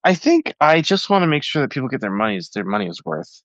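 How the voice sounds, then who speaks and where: A man's voice: medium pitch, big pitch swings, fast, dry recording. An enthusiastic man, a podcast guest, who rambles with plenty of fillers. His voice sits in an ordinary middle range. The sound is dry and a little dull, like lo-fi remote audio. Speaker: guest cartoonist. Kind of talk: casual podcast interview.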